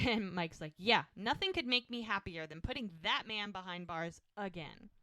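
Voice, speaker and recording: A woman's voice: medium pitch, lively intonation, moderate pace, bright, forceful tone, no echo, studio quality. A woman co-hosting a podcast, casually retelling scenes and briefly mimicking the characters' lines. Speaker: podcast co-host. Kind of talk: casual recap chat.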